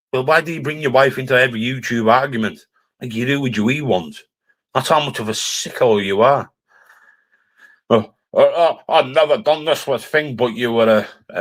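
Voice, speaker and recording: A man's voice: medium pitch, a bit bright. A man with a Cumbrian accent, ranting through a live-stream roast in an aggressive, sweary, taunting way. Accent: Cumbrian English. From Cumbria, England.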